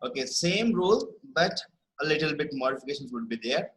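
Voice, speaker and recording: A man teaching a spelling lesson online, explaining rules patiently and often checking in with "right?" and repeating key words slowly. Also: a little high, lively intonation, a bit bright, poor audio. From India.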